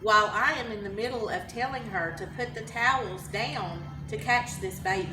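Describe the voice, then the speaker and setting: A woman who works as an emergency dispatcher tells a story in a casual interview, animated and laughing, acting out the voices of the people in it. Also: medium pitch, normal speed, over music. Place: conference hallway. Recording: roomy, distant, with background noise.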